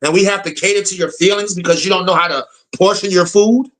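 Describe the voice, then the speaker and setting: A man's voice: high voice, steady tone, fast talker, a bit bright, rough recording. A man hosting his channel, giving blunt, opinionated reaction commentary. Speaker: channel host.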